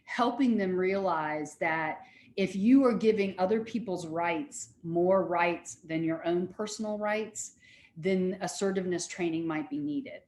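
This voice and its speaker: A woman lecturer and therapist telling stories in an animated way, often repeating herself. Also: fairly low pitch, unhurried, reverberant. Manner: animated storytelling with repetitions. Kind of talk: recorded lecture.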